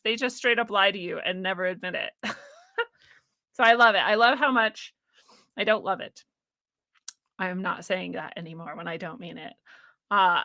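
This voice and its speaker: A woman talking casually to camera, blunt, profane and animated. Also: medium pitch, dry recording, studio quality. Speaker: video blogger. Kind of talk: casual ranting talk to camera.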